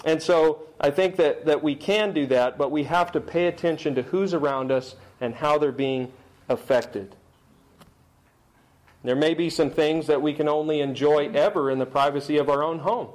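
A middle-aged man preaching a sermon, emphatic in delivery, slowing down to read scripture aloud. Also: on the high side, darkish tone, rough recording. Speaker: pastor.

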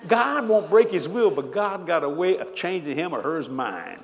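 A man's voice: fairly high pitch, very animated, moderate pace, background noise. An older man preaching a sermon, telling stories animatedly and laughing along as he goes. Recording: church hall reverb.

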